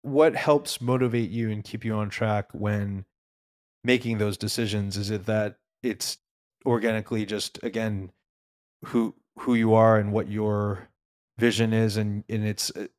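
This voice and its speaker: Lower-voiced man asking rambling questions. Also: steady tone. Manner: rambling, halting questions with restarts. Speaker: interviewer host. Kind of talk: casual interview questions.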